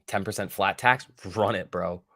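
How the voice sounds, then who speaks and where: A man's voice: fairly low pitch, normal speed, vocal fry, sharp tone, no echo, studio quality. A man hosting a live day-trading stream, giving casual, profane, joking commentary and bantering with his chat. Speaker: day trading livestream host.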